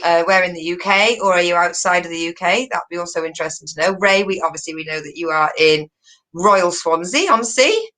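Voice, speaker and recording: A woman co-hosting a casual online chat show, chatty and giggly with quick asides. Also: fairly low pitch, steady tone, fairly bright tone, poor audio. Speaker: co-host.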